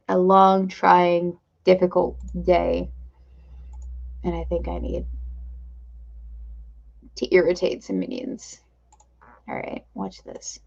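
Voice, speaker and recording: A woman hosting a live stream in a loose, rambling way, dropping self-deprecating asides as she goes. Her voice carries a gravelly fry. The audio is a bit dull and lo-fi, like a basic home stream mic. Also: mid-range voice. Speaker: streamer host. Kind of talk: casual live-stream chat.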